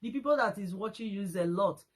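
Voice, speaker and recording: A woman's voice: mid-range voice, fast, slightly rough, low-quality recording. A Nigerian woman vlogging a scolding rant, repeating her points and mixing in pidgin slang. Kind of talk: ranting commentary vlog.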